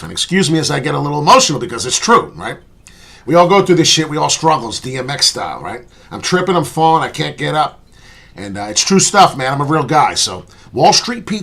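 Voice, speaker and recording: Male vlog host, husky voice with a wide, swinging pitch; candid, profane, rambling monologue. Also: a bit bright. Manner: earnest, rambling and candid, with frequent "uh" and "right?"; profane, blunt talk. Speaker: crypto channel host.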